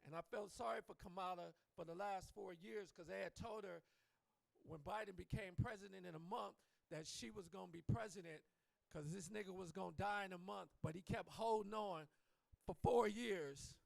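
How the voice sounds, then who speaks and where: A stand-up comedian working a club crowd with loose, profane banter. His voice sits high for a man and has a heavy gravelly rasp. The sound is close and dry. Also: moderate pace, no room sound. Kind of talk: live stand-up set.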